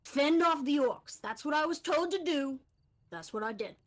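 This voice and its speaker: A woman's voice: lively intonation, moderate pace. A woman voicing a tiny male gnome who speaks far too intensely for his size, in a tabletop game. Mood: fierce. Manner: overly intense, booming.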